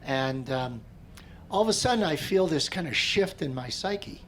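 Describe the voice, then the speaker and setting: A middle-aged man leads a meditation class in a large tent, speaking in a slightly higher voice than most men. He tells a personal story in a loose, conversational style and pauses now and then to clear his throat. A faint background hum sits under his voice. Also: expressive, a bit bright. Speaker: meditation teacher. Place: large tent at an outdoor gathering.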